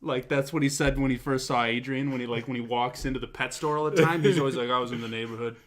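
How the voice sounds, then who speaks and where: A man co-hosting a casual talk show, telling a story in an excitable, animated way and swearing often. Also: medium pitch, fast talker, a crowd in the background. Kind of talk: casual chat.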